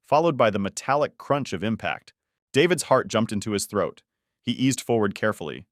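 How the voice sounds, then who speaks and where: A man narrating a scripted story with a steady, dramatic reading. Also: lowish voice, dry recording, clean studio sound.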